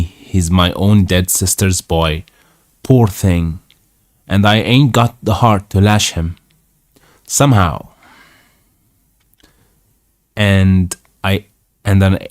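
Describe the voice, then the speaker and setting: A man reading aloud the lines of a fretful, pious old aunt at a slow, careful pace. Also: low voice, dry recording, clean studio sound.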